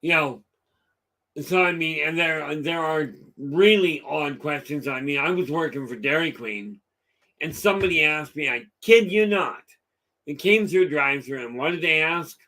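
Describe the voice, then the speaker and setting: Middle-aged male host, casual rambling chat, bright and fairly high-pitched. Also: moderate pace. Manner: rambling storyteller, lots of fillers. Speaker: live stream host. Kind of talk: casual chat with live chat viewers.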